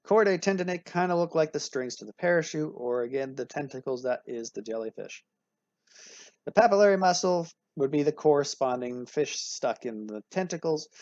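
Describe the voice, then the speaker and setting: A man with a mid-range, slightly mellow voice gives a recorded anatomy lecture in a casual, upbeat way, often correcting himself mid-sentence and reaching for analogies. There's no echo, and the recording is dry and a bit dull.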